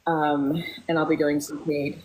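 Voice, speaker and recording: A woman teaching casually as a spiritual coach on a live stream, chatty with frequent fillers, softly reciting mantras. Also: low voice, flat delivery, unhurried.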